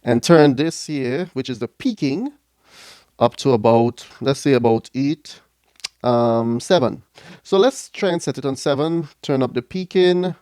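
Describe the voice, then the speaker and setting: A man walks through a piece of studio gear in a loose, chatty way, speaking right into a microphone that runs through the unit he is testing. He keeps tossing in quick check-ins with the listener as he goes, and his voice sits in a middle register. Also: mid-range voice, animated, mellow, smooth. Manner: loose and conversational, checks in with the viewer after nearly every phrase. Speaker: product reviewer. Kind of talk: casual hands-on gear demo. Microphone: speaking into a studio mic run through the mixer being tested.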